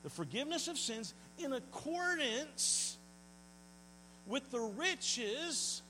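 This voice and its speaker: A man's voice: extremely high pitch, expressive, slow, pushed and bright. A man preaching a sermon as pastor, earnest and folksy, often stumbling and repeating words. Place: church hall. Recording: long hall reverb, mains hum.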